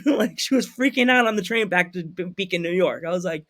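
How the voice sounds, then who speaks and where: A man hosting a podcast, telling a story in a lively, animated way and acting out the people in it. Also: high voice, a little fast. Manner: animated, acts out voices in anecdotes. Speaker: podcast host. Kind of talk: casual storytelling chat.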